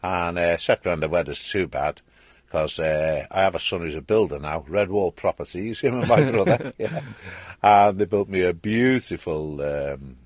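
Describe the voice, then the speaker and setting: Older Liverpool man, Scouse accent, husky, animated storyteller, dry close sound. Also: low voice, normal speed, dry recording. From England. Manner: lively storyteller, acts out voices and laughs often. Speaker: interviewed author. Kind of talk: casual interview chat.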